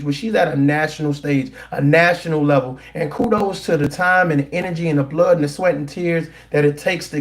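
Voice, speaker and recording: A man talks straight to his live chat in a high voice. His tone is animated and incredulous. He restarts and repeats phrases as his opinions pile up. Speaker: commentary vlogger.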